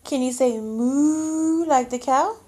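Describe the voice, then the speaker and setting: A woman at home coaxing a toddler to say words, prompting in a drawn-out, sing-song way. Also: sits high, darkish tone, a little hiss or hum. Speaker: parent.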